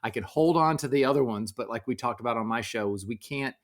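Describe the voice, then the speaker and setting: A man's voice: medium pitch, fast. A man in his forties, a podcast guest, talking casually and reflectively about family life. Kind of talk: casual interview chat.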